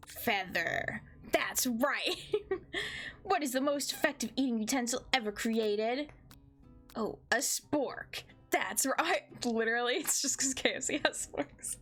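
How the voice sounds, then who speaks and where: A giggly, excitable young woman streaming a dating game. She reads the narration and jokes in a fairly high voice, with faint music behind her. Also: takes it slowly. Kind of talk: game playthrough with narration and commentary.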